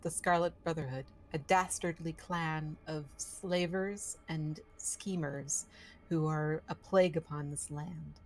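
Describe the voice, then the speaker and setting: A woman playing a tabletop game, speaking calmly and measured, with giggles between lines. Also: low-pitched, slight background noise. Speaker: player. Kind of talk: tabletop role-play.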